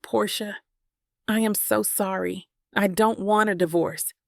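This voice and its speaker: A woman narrator voicing a tender, apologetic young husband in an audiobook, speaking softly and sincerely. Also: medium pitch, steady tone, a little slow, vocal fry, dry recording, clean studio sound. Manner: soft, sincere, pleading. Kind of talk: audiobook character voice.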